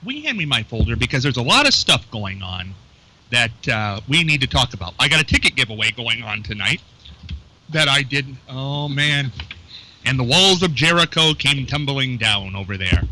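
A man's voice: mid-range voice, sharp tone, poor audio. A man hosting a casual local radio show from a small studio, joking loosely with his co-host and callers. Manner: loose, chatty, joking, reads phone numbers slowly.

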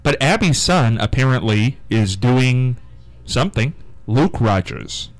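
A man's voice: medium pitch, expressive, measured pace, low-quality recording. A middle-aged man hosting a live radio show in a small studio, chatting casually and rambling from one thing to the next. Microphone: studio microphone.

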